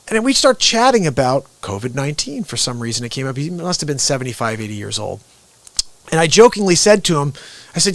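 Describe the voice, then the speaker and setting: A man hosting a talk show with a fairly high voice. He tells stories with energy and acts out the people in them. The recording is dry and close. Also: fairly quick, no echo. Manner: animated storyteller, acts out the people in his stories. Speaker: host. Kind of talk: casual talk show conversation.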